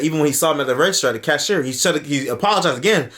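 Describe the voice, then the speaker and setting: A man telling a story in an animated commentary video, swearing casually, acting out what people said and laughing often. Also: on the high side, quick pace. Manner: lively, swears casually, acts out quotes.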